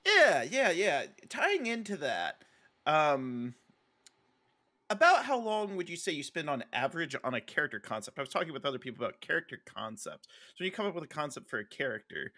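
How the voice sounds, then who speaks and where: A man hosts a podcast with wildly swooping pitch and a bright tone. He asks quick questions padded with fillers. The mic is close and dry. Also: very animated, no room sound. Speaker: podcast host. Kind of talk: casual interview chat.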